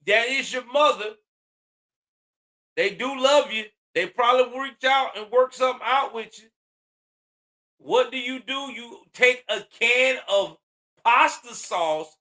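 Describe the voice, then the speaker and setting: A man's voice: very high-pitched, unhurried, pushed and bright. A man in his forties giving heated, profane commentary on a news story, ranting angrily with a lot of emphasis. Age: 40s.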